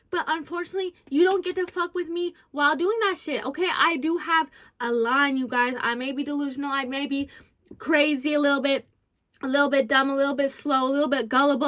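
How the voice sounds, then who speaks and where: A young woman telling her followers a story in a casual, rambling vent, packed with "like" and swinging between low mutters and loud exasperated bursts. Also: steady tone, a little fast. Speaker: vlogger. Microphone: phone close by.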